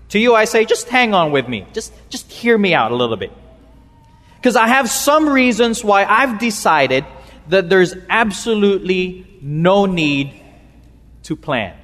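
A male pastor preaching a sermon in a church, emphatic and halting with repeats, slowing and dropping low on key words. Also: lively intonation, fairly bright tone, in a large hall.

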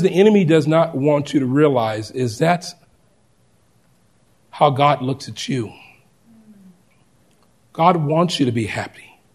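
A man preaching a sermon, telling a story and acting out the voices of the people in it, swinging from loud to hushed. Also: on the high side, breathy edge.

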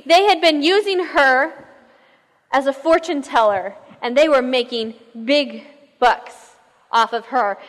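A woman pastor tells a story during a sermon, keeping it lively and conversational while asking her listeners questions. Her voice is high, trailed by a long reverb tail.

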